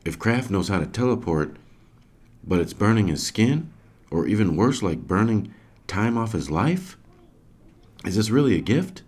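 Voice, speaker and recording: Low voiced guy narrating his podcast story, slow and heartfelt, lots of ups and downs in his voice. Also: lively intonation, a little mellow, slightly rough. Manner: earnest, emotional storyteller. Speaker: podcast host.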